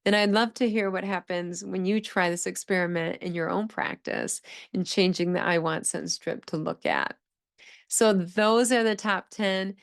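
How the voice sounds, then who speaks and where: A woman speech therapist hosting an educational podcast, talking enthusiastically and acting out children's phrases in a higher voice. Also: steady tone, moderate pace, creaky. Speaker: podcast host, speech-language pathologist.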